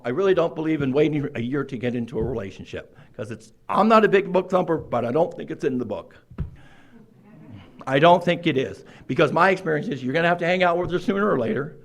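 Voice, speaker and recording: A man in his sixties telling his own recovery story to a meeting, acting out quoted lines with sudden jumps in pitch and loudness. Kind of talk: personal recovery story told to a group.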